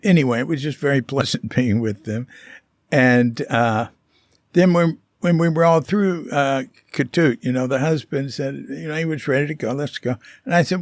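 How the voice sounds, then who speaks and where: A man vlogging about his life abroad, telling a casual story in a rambling, halting way full of fillers and restarts. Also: mid-range voice, no echo, studio quality.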